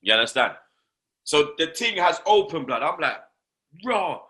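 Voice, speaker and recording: A young London man tells a story in casual chat, his voice very bright and cutting. He is full of slang and swearing, and he keeps tagging his lines with fillers as he goes. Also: on the high side, big pitch swings, normal speed. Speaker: host.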